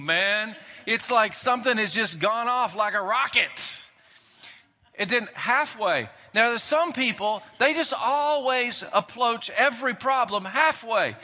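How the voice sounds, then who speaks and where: A pastor preaching a sermon in an animated way, acting out quotes and swinging between loud and soft. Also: male voice, sits high. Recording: dull sound in a long-reverb hall.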